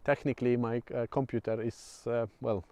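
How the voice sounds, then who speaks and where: A man's voice: mid-range voice, little pitch movement, normal speed, darkish tone, no echo. A man with a Polish accent talking through a casual vlog, hesitant, with many fillers and restarts. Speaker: vlogger. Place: outdoors at sunset.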